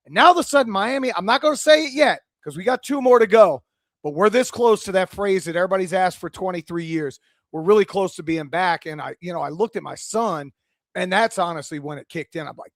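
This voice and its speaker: A man's voice: fairly high pitch, no room sound, clean studio sound. A man in his forties hosting sports radio, talking with passion and some swearing. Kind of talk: excited sports radio talk.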